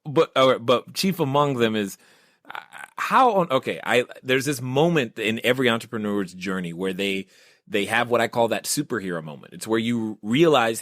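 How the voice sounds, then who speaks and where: A man's voice: mid-range voice, lively intonation, moderate pace, a bit bright, no echo, studio quality. A man hosting a podcast interview, interjecting eagerly and laughing between his questions. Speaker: podcast host.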